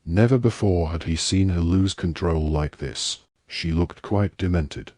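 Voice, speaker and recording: Low deep voice guy reading an audiobook, steady, dry close sound. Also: a little slow, hardly any pauses, no room sound. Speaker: audiobook narrator. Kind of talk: scripted audiobook narration.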